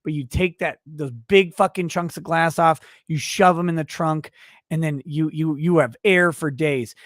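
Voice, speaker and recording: A man hosting a casual show, talking profanely and swinging between low muttering and loud angry ranting. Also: a little slow, dry recording, studio quality. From United States. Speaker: show host.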